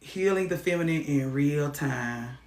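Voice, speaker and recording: A woman hosting a talk show, giving animated, profane advice that swings from loud outbursts to low muttering. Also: unhurried. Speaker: host. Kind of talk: lively advice talk to a caller. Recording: echoey room.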